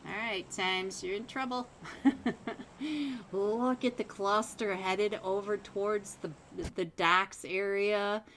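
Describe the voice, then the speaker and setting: A young woman casting a live esports match, chatty and quick to laugh, calling out players by name. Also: mid-range voice, fairly bright tone, a little hiss or hum. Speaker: esports caster. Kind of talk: live game commentary.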